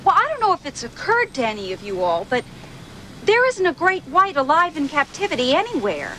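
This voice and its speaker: Film clip: persuasive thirtyish marine biologist with a very high, lively voice. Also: female voice, fairly quick, a little hiss or hum, heavily acted. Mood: eager. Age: 30s. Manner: eager, persuasive. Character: earnest female marine biologist around thirty.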